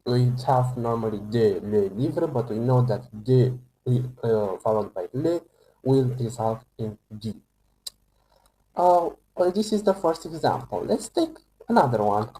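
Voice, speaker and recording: A man gives an online French lesson at a slow, hesitant pace, with fillers and restarts all through. His voice has a mellow, darker tone. Faint noise and typing sit behind him. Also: medium pitch, animated, low-quality recording. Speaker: French tutor.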